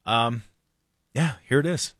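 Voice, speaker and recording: A man's voice: mid-range voice, slow pace, dry recording, studio quality. A man hosting a political talk show, casually reacting to listener tweets and clips and laughing often. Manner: laughing, animated, reads listener tweets aloud.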